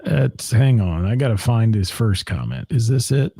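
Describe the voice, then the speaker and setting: A man's voice: on the low side, animated, moderate pace, gravelly, few pauses, mellow, husky, no room sound, clean studio sound. A man hosting a casual local radio talk show, joking and teasing his co-host and reading out viewer comments. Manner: joking, teasing, laughs often. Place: live streamed radio show studio.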